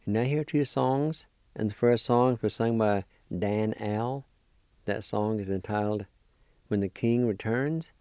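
A man teaching a language lesson, spelling words letter by letter and pronouncing them slowly and deliberately. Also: lowish voice, warm tone, clear, resonant tone, no room sound, studio quality.

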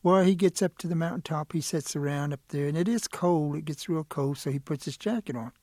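A man's voice: on the high side, brisk, darkish tone, no room sound, clean studio sound. A middle-aged man telling a traditional story plainly and steadily, ending with a moral for children. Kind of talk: oral storytelling.

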